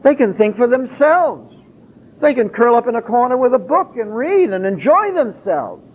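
A man's voice: very high-pitched, very animated, normal speed, breathy edge. A man giving an emphatic public lecture, posing rhetorical questions and answering them himself. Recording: tinny lo-fi phone-like recording.

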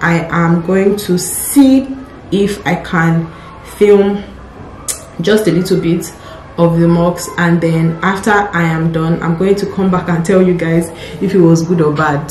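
A woman's voice: fairly low pitch, a little mellow, reverberant, slight background noise. A young woman, a doctor, chatting casually to camera about an upcoming exam, nervous and repeating herself. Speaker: doctor vlogging exam prep. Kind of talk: casual vlog talk to camera.

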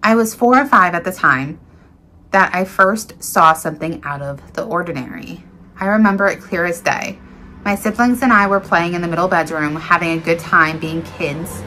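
A woman reads creepy encounter stories aloud with earnest, dramatic delivery. Her voice is bright and forward, sitting a little low. She stumbles now and then and restarts a word. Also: normal speed, a little hiss or hum. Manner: earnest, dramatic reading with small slips. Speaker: storyteller reading encounters. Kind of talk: reading viewer stories aloud.

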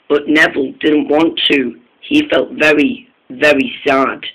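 A man reading a children's train story aloud, halting, with frequent restarts and slips. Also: on the high side, steady tone, a bit bright, breathy edge, poor audio.

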